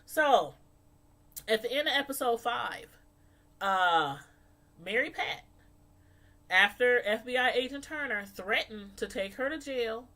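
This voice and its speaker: A woman with a somewhat high voice talks through a TV episode in a relaxed, chatty recap. She gets animated and acts out what the characters said. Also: unhurried. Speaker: TV show recap host.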